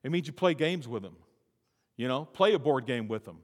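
A middle-aged male pastor preaching a sermon, rising to loud, emphatic peaks and dropping to slow, quiet lines. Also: animated, big-room sound. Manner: climbs to high, emphatic peaks and drops to soft, slow lines.

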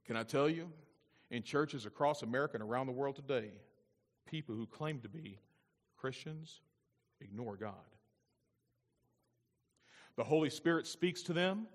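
A male pastor preaching a sermon, repeating his points and swinging between loud emphasis and quiet intensity. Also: on the high side. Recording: long reverb of a large hall.

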